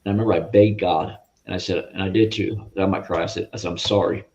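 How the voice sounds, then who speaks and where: Guest man, low-pitched, earnest and halting, on a dull lo-fi video call line. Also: fairly even intonation, darkish tone, slight background noise. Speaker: interview guest. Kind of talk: personal faith testimony. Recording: muffled lo-fi audio.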